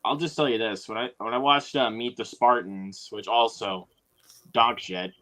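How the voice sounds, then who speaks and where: A man's voice: fairly low pitch, steady tone, moderate pace, bright, forceful tone. A young man hosting a live stream, rambling in a laid-back way with lots of fillers. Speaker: streamer host. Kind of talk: casual chat.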